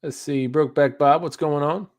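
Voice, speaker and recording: A man's voice: fairly high pitch, fairly even intonation, normal speed, dry recording. A man, co-hosting a fishing livestream, reading viewer comments aloud in an easygoing way and laughing between them. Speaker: livestream co-host reading chat.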